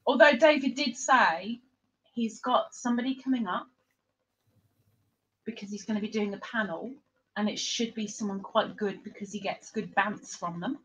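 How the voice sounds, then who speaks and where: A woman's voice: medium pitch, moderate pace, a bit bright, low-quality recording. A woman hosting a casual livestream, chatting and giggling in a rambling, teasing way. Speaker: livestream host.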